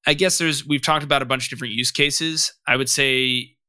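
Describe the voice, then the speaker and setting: A young man speaking as a podcast guest, his voice very bright and smooth against a dry, close sound. He talks candidly and loosely, with many "you know" fillers. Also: medium pitch, steady tone, a little fast, no echo. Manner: open, candid. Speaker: startup founder, guest. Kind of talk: casual podcast interview.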